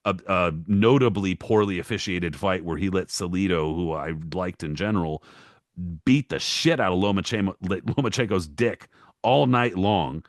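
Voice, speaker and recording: Podcast co-host, a man with a deep voice, cursing and exasperated, dry close sound. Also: no room sound. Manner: profane, exasperated ranting; rapid listing with mock-quoted voices. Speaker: podcast co-host, boxing historian. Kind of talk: casual podcast rant.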